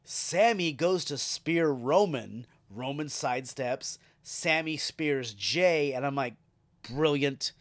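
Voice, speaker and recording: A man hosting a podcast, recapping a wrestling show in a casual, animated and profane way, laughing as he retells it. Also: on the high side, slow pace, hardly any pauses. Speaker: podcast host.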